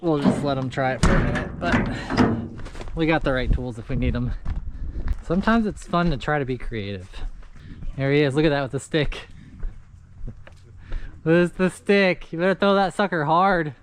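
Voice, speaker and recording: Chatty tree worker, outdoor noise. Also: male voice, fairly high pitch, moderate pace, pauses often. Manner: chatty, laid-back, talks while working. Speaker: tree service owner. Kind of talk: casual work vlog narration. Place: outdoors in a yard. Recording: outdoor work noise behind voice.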